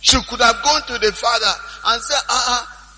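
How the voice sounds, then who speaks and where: Male preacher, animated sermon, very bright, husky, echoing church hall. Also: very high-pitched, fairly quick. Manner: animated storytelling, repeating lines for emphasis.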